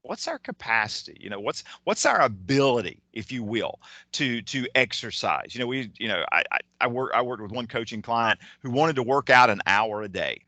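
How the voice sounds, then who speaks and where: A man's voice: medium pitch, normal speed, sharp tone, dry recording. A man giving a motivational keynote talk, enthusiastic and digressive, often restarting his sentences. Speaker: keynote speaker. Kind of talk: motivational talk on time management.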